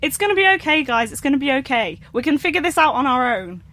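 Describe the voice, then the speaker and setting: A woman's voice: sits high, big pitch swings, fast talker, sharp tone, exaggerated voice. Woman playing an earnest moral support girl. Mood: soothing. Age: young adult. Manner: soothing, earnest. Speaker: improv performer. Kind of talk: improv comedy.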